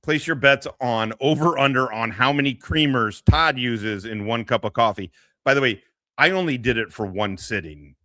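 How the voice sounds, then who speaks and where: A man hosting a live stream and giving casual reaction commentary in a profane, mocking, excitable way. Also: medium pitch, normal speed, no room sound, clean studio sound.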